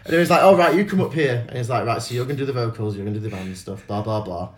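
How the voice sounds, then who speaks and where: A man telling stories in a casual chat, animated, swearing freely and acting out other people's voices. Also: on the low side, very fast.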